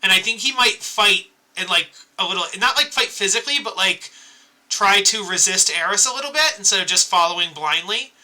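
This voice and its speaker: A man running an online tabletop game as game master over a voice call, animated and quick to laugh. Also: high-pitched.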